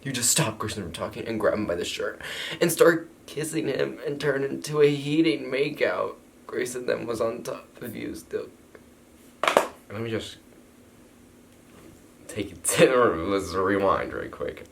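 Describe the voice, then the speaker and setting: A man with a deep, low voice reads a story aloud and plays out its parts. He keeps stopping to poke fun at the writing with amused asides. A faint hiss sits under his voice. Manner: amused, mocking asides between read passages. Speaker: YouTuber reading a fanfiction about himself. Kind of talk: reading aloud and reenacting a story with joking asides.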